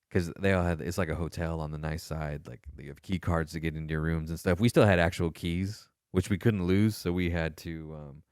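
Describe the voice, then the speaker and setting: A man co-hosting a casual podcast, telling stories with lots of swearing and animated quoted voices. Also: low-pitched, clear, resonant tone, dry recording, clean studio sound. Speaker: podcast co-host, former Marine. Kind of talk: casual storytelling chat.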